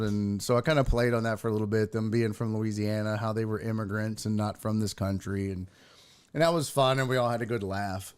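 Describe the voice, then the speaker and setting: A man's voice: on the low side, fairly even intonation, a little fast, a little mellow, clear, resonant tone. A man hosting a sports podcast, telling a loose, profane road story. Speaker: sports podcast host and comedian. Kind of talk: casual storytelling.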